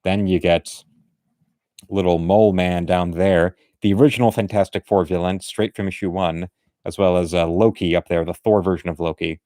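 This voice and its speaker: A man's voice: deep voice, fairly even intonation, normal speed, mellow, no echo, clean studio sound. A man giving casual, blunt and meandering commentary on artwork, opinionated and chatty. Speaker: art commentator.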